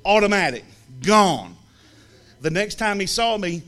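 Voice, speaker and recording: A man from the American South, telling a humorous story to an audience in a lively, teasing way with comic pauses. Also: high voice. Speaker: speaker telling a story about a friend.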